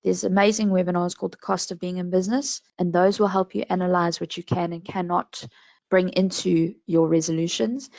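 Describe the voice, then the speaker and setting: A woman with a South African accent giving calm, measured advice on handling complaints in a business webinar. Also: on the low side, vocal fry, dry recording. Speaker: national complaints administrator.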